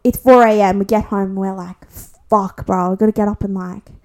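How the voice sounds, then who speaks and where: A woman's voice: mid-range voice, moderate pace. A young woman with an Australian accent telling a gossip story on a podcast, swearing constantly and acting out what everyone said. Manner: animated, swears constantly, acts out quotes. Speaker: podcast co-host.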